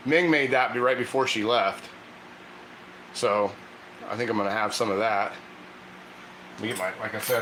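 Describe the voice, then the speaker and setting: A man's voice: mid-range voice, reverberant, background noise. A man hosting a casual cooking stream, chatty and laughing often as he coaxes his dog through tricks. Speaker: cooking channel host. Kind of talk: casual live cooking chat.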